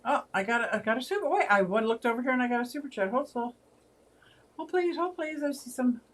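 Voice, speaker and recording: Speaking fast with lively intonation, the aquarium channel host, a woman in her sixties, has a slightly high voice. Her livestream is casual and chatty, full of frequent laughter and viewer comments she reads out loud.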